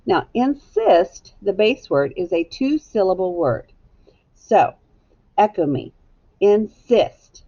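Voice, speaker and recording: A woman teacher giving a patient, clearly paced phonics lesson to young children. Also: medium pitch, big pitch swings, slow pace, dark tone, muffled recording.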